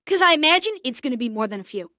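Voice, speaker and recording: A young woman streamer giving blunt, profane live reaction commentary, ranting quickly. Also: sits high, big pitch swings, sharp tone, dry recording.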